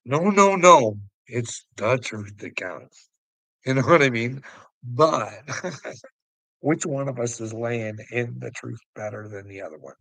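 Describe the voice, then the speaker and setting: A man with a gravelly, fry-laden voice and a sharp, forceful edge, ranting in a loose and profane way. He keeps chuckling at his critic, mocking him and calling him "bud". The sound is close and dry. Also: medium pitch, expressive, slow, no room sound, poor audio. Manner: mocking, chuckling often, calls the listener "bud"; profane and taunting. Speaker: vlogger answering a critic. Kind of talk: casual rambling rant.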